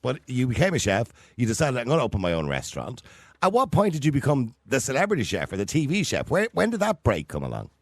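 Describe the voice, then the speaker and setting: A man's voice: mid-range voice, wildly swooping pitch, fast, husky, no echo. An Irish man hosting a radio show and chatting with a guest, jumping in with his own old DJ stories. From Ireland. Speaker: radio host, former DJ. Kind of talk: casual radio interview.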